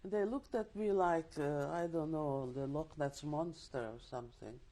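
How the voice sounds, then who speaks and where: Older woman, interview testimony, lively storytelling, dark mellow timbre. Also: low-pitched, normal speed. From Czechoslovakia. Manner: vivid storytelling with restarts and asides. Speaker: interviewee, Holocaust survivor. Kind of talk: oral history testimony.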